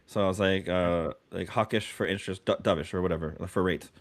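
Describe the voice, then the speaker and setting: A man with a fairly low voice co-hosts a casual podcast. He talks excitably, tripping over his words and starting sentences again. His telling of a story rushes ahead. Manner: excitable, lots of restarts. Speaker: podcast co-host. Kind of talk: casual chat.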